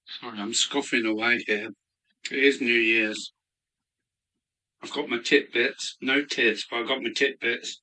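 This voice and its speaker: Chatty stream host, slow and bright, greeting viewers by name. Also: male voice, medium pitch, fairly even intonation. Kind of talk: casual chat while eating. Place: home hobby room.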